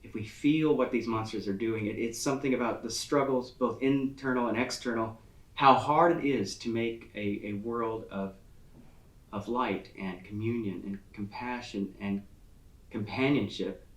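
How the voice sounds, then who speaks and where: A man giving an online literature lecture, explaining in a thoughtful, searching way with frequent pauses, heard over a video call. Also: on the low side. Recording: echoey room, distant from the mic.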